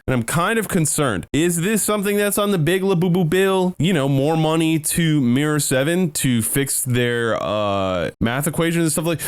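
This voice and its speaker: A young man does comedic commentary over news clips, his voice sitting a little high. He rants and swears in goofy, loud bursts. His pitch jumps up sharply when he gets worked up. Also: clear, resonant tone. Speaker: streamer reacting to news clips.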